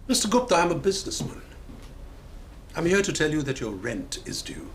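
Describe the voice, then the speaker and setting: A menacing gangster. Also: male voice, a little high, big pitch swings, brisk, a little hiss or hum. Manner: threatening, coldly polite. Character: menacing male gangster extorting a call centre. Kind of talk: sitcom acting.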